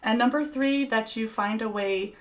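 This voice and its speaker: A woman's voice: fairly high pitch, normal speed. A middle-aged woman giving a casual devotional talk to college students, chatty and encouraging, with many fillers. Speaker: college vespers speaker.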